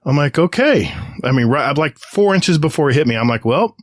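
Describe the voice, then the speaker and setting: This middle-aged American podcast co-host has a fairly high pitch and talks fast. In a casual chat, he tells a lively story and voices the people in it, recorded on a podcast mic in clean studio sound without echo.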